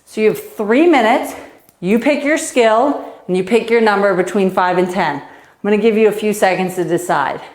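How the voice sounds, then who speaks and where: A woman's voice: medium pitch, normal speed, darkish tone. A woman coaching kids through a live online tennis lesson, out of breath and encouraging them while she hits and counts. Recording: echoey room.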